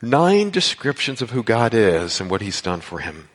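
A man's voice: lowish voice, sing-song, normal speed. A man preaching a sermon as a pastor, earnest and building to emphatic cries. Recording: long hall reverb.

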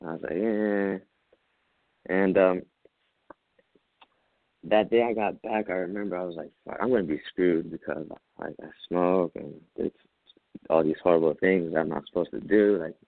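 A man, a Marine veteran, telling a story as an interview guest, animated, acting out his own quotes and laughing often. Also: low voice, normal speed, gravelly, long pauses, no room sound, narrow, tinny audio. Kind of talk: casual storytelling.

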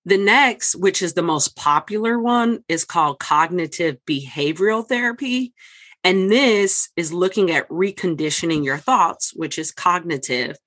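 A podcast host walking listeners through a list of ideas at a brisk clip. The voice sits at a middle pitch and keeps a clear, explaining tone throughout. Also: sharp tone.

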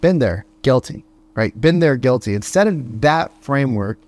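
A man's voice: mid-range voice, animated, a little mellow. A man talking as a sales coach, firing off rhetorical questions and tagging his points with "right?". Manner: punchy rhetorical questions, frequent "right?" tags; acts out phone calls in quick voices. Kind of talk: motivational podcast monologue.

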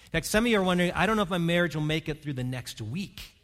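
A man's voice: on the high side, quick pace, fairly bright tone. A man preaching a sermon as pastor, earnest and pastoral, leading his congregation in prayer and reading. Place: church hall.

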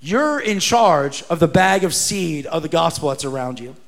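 Male pastor, thirties, high voice, casual and energetic preaching with lots of slang and acted-out voices. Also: normal speed, gravelly. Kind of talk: sermon.

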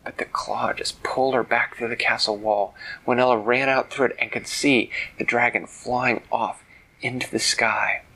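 Male storyteller for a children's show, gentle telling, bright husky tone. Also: mid-range voice, fairly even intonation, moderate pace, rough recording. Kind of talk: bedtime story narration.

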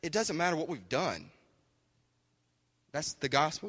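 A man's voice: on the high side, big pitch swings, measured pace, fairly bright tone, husky. A man preaching a sermon in a folksy, conversational way. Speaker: pastor. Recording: hall reverb.

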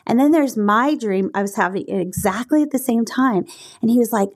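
A woman's voice: on the high side, moderate pace. A middle-aged woman hosting a podcast, telling a personal story earnestly, with many fillers and restarts. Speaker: podcast host.

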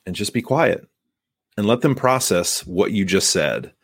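Emphatic, low-voiced male sales coach. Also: lively intonation, unhurried, husky. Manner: emphatic, coaching, acts out buyer and seller lines. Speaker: sales podcast host. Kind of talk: solo podcast advice monologue.

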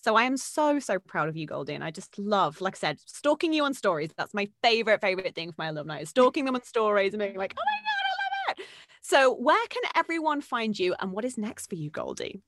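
A woman's voice: medium pitch, sing-song, fast, few pauses, fairly bright tone, dry recording. A woman hosting a podcast interview, effusive and encouraging, acting out little quotes as she chats. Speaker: podcast host. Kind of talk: casual interview chat.

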